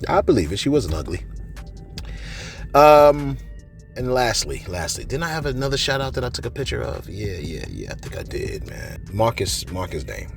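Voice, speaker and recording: A man's voice: mid-range voice, wildly swooping pitch, normal speed, vocal fry, over music. A man hosting a casual commentary show, reading out viewer comments and answering them in a slangy way, often adding "man" and "you know what I'm saying". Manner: slangy, playful asides.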